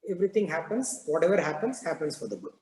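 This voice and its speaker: A man voicing a calm, accepting minister in a told story, speaking softly and letting each phrase fade away in a reverberant hall. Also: on the high side, fast talker. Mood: serene. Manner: serene, repeats a refrain, trails off softly. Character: calm patient male minister, serene and accepting. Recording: echoey hall with long reverb.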